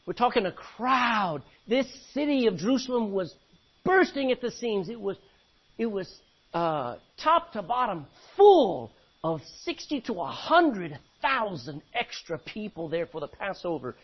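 Animated husky male preacher. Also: high-pitched, a little slow. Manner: animated, acts out biblical voices. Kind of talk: sermon. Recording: dull lo-fi recording.

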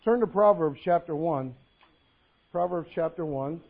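A man's voice: on the high side, a little slow, vocal fry. A man preaching a sermon, telling folksy jokes between Bible readings. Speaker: pastor. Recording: phone-like narrow sound.

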